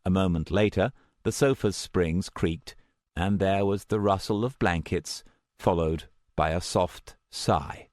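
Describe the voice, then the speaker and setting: A man narrating a first-person audiobook in a measured, steady storytelling manner, close to the mic. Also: sits low, no echo.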